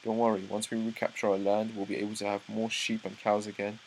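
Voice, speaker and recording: A young man reading a comic chapter aloud, breaking off into excited asides and stumbling over words. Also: fairly low pitch, fast, gravelly, a little hiss or hum, low-quality recording. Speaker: manga reaction host. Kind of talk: live reaction read-through.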